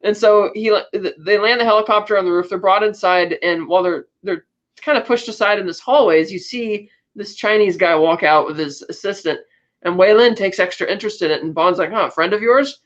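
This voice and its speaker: A woman co-host talks through a film's plot in a loose, chatty way, often stopping to restart her sentences. Her voice sits at a middle pitch, and the recording sounds a little dull and lo-fi. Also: fairly quick. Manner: chatty, with frequent fillers and restarts. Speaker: podcast co-host. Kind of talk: casual plot recap.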